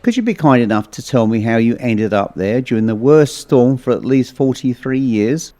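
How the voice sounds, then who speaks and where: A man's voice: medium pitch, lively intonation, normal speed, dark tone, lightly acted. A man voicing a proud, rotund police constable with a provincial English accent. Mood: official.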